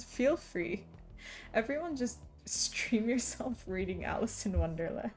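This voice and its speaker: A woman's voice: on the high side, lively intonation, unhurried, darkish tone, soft background music. A young woman livestreaming, chatting casually with her audience and teasing them playfully with frequent giggles.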